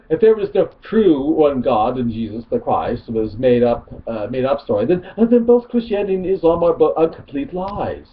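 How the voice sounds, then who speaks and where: A man voicing a snobby, haughty atheist chat user in a Stewie Griffin impression, on a dull lo-fi recording. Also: on the high side. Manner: haughty, prissy reading of a post.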